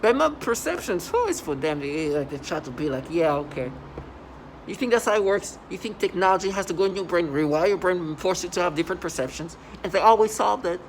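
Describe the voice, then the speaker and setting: A man talking in a rambling vlog monologue, halting and restarting, with sudden loud agitated outbursts. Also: sits high, expressive, slight background noise, poor audio. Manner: halting, many restarts and fillers. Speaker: vlogger.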